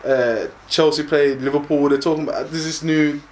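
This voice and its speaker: A man's voice: on the high side, steady tone, normal speed, slight background noise. Rambling man talking football. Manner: rambling, many fillers and restarts. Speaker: podcast co-host. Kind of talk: casual football chat.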